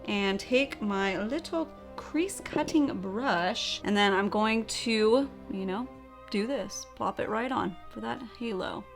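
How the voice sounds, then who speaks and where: A woman's voice: mid-range voice, slow, gravelly, soft background music. A young woman narrating a makeup tutorial, bubbly and chatty, with playful sound effects as she works. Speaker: beauty vlogger.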